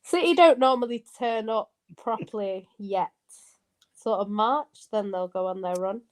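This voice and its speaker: A woman with a Manchester accent chatting on a football panel, talkative and quick to laugh. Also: mid-range voice, no room sound. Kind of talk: casual chat.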